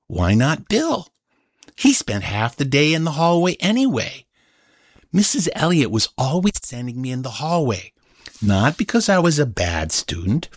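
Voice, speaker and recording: A man's voice: mid-range voice, no echo, clean studio sound. A man telling a childhood story as a stage storyteller, acting out each voice. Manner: animated, acts out every voice. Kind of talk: told story performance.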